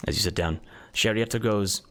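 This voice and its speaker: A man narrating as game master of a tabletop game, describing scenes in a relaxed, descriptive way with many fillers. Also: lowish voice, moderate pace.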